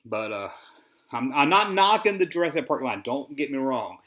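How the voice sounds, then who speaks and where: A man's voice: mid-range voice, lively intonation, moderate pace, a bit bright. A man from the Southern US with a Southern accent, rambling and ranting on a solo podcast, often sighing. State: dry mouth. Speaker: toy collector podcast host.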